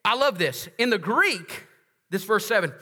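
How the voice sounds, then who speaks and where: A pastor preaches in a high, bright, sharp voice that rings through a reverberant church hall. He is emphatic yet conversational and keeps checking in with the congregation. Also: very animated, measured pace. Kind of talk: sermon. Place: large church sanctuary.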